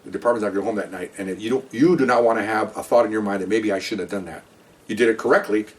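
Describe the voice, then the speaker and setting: This older former police officer has a lowish voice and talks very fast. He tells a rambling, animated story from his career, acting out the quotes casually, and sits slightly far from the mic.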